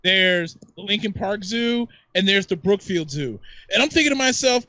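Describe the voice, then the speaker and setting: High-voiced man ranting casually. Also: moderate pace, hardly any pauses, no echo. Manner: animated, exasperated storytelling. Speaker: podcast co-host. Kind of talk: casual podcast chat.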